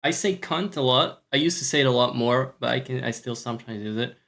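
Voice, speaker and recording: A man's voice: mid-range voice, a little fast, gravelly, fairly bright tone. A man with a Scottish accent chatting casually on a live stream, rambling, swearing freely and joking at his own expense. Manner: rambling, sweary, self-mocking.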